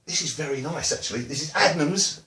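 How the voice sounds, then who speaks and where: A man's voice: on the high side, a little fast, sharp tone, roomy sound. A man with an Essex accent, a musician chatting casually to camera, rambling and joking with lots of fillers and asides. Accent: Essex English. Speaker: musician vlogger.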